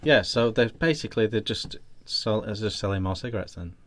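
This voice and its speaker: A low-pitched English man co-hosting a casual chat. He sounds easygoing and asks his guests questions. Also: animated, brisk. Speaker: co-host.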